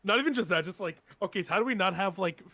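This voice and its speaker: A man's voice: high-pitched, very fast, sharp tone, no echo. A young man streaming a game, chatting casually, rambling and laughing as he repeats himself. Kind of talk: casual chat while playing a game.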